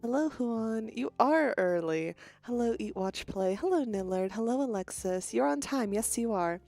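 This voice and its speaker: Fast-talking young woman streamer. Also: fairly high pitch, animated, gravelly, warm tone, soft background music. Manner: fast-talking, bubbly, frequent laughs. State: stuffy nose. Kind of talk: casual stream chat greeting viewers.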